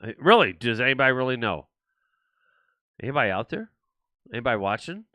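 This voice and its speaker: A man's voice: mid-range voice, sing-song, brisk, bright, forceful tone, no room sound. Frustrated older man hosting a livestream. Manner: frustrated, rambling, many restarts. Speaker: show host. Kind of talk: solo livestream talk.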